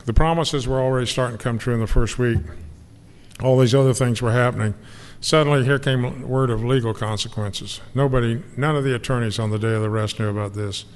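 An older man giving an earnest, emotional personal testimony about his recovery to an audience. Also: mid-range voice. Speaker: speaker sharing recovery story. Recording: long hall reverb, faint noise.

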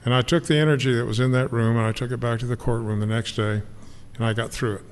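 Faint noise and long hall reverb frame an older man's emotional, sincere testimony about recovering, given to an audience. His medium-pitched voice stays steady and moves at a quick pace.

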